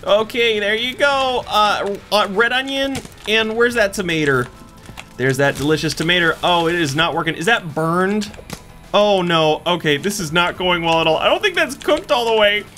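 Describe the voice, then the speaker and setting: A man's voice: sits high, normal speed, bright, forceful tone, soft background music. A young man in playful let's-play commentary, chatting through a cooking game and greeting customers in a cheery service voice. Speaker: gaming YouTuber.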